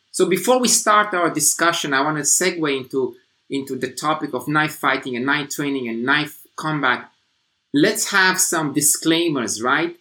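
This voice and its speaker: A podcast host from Romania guiding an interview in a measured, affirming way. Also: mid-range voice, a bit bright. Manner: measured, affirming, sets out disclaimers. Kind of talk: interview hosting.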